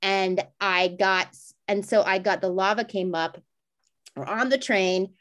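A middle-pitched woman in her forties talks casually on a podcast. She rambles through a personal story with many restarts, and she jumps up in pitch when she acts out what people said. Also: measured pace. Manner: animated, acts out quoted voices with big pitch jumps. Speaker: podcast co-host.

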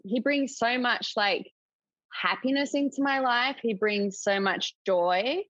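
A woman's voice: on the high side, takes it slowly, a bit bright, no room sound. A young adult woman, a podcast guest, talking openly and chattily with lots of filler words. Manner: chatty, open, full of filler likes. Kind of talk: casual chat. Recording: dull, dry lo-fi audio.

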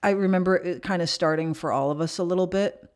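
Low-voiced woman co-hosting a casual chat. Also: fast. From Canada. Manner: wry, self-deprecating, plays out quoted voices. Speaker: podcast co-host.

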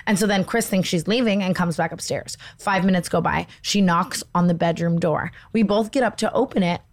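A young woman with a fairly low voice tells a story on a casual podcast. She talks in an animated way, says "like" constantly and jumps up high to act out shrill quoted voices. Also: fairly quick. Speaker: podcast co-host.

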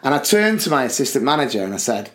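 A man, a podcast co-host and school sports coach, telling a story in an animated chat and acting out excited shouts. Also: medium pitch, fast.

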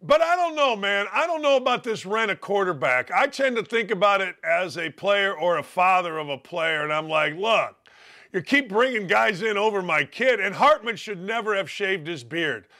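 A man from Indiana hosting a casual sports interview, jokey and animated and quick to laugh. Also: sits high. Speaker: host.

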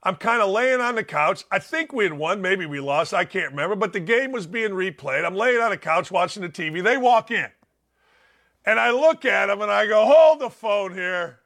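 Older male sports radio host; high, bright tone; blunt, animated storyteller. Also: a little fast. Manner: blunt, animated storyteller who acts out quotes. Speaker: sports talk show host. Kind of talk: opinionated sports radio talk.

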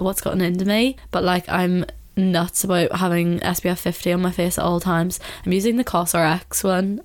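A blocked-up, nasal woman chatting casually into a close mic, with no room sound at all. She talks in a loose, blunt way, full of "like" and the odd swear word, at a middling pitch for a woman. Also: dry recording. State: blocked-up nose. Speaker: podcast host. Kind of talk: casual solo podcast chat.

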